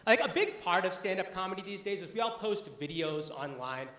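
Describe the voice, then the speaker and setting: A young man from the Boston area, USA, performs a stand-up set on a comedy club stage before an audience, talking conversationally with plenty of "uh" fillers. His voice sits high and sounds animated and fairly bright, delivered briskly in a roomy space.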